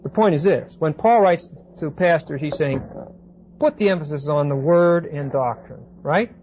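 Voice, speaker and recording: A man giving a Bible class lecture, reading verses slowly with emphasis and then explaining them in casual asides. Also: a little high. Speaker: Bible teacher. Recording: dull lo-fi recording with faint hiss.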